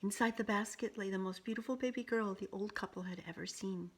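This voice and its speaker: A woman reading a picture book aloud, pausing now and then to show the pictures to a listener. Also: mid-range voice, slightly rough. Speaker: storyteller.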